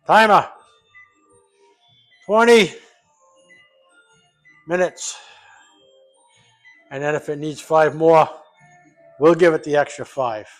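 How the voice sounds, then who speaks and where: A middle-aged man from Rhode Island cooks in his home kitchen and talks as he goes, with a voice pitched a little high for a man. He rambles, jokes and swears freely, restarting his sentences as he works. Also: lively intonation, slow, long pauses, soft background music. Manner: rambling, profane, loose and jokey. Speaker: home cook vlogger. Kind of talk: casual cooking vlog.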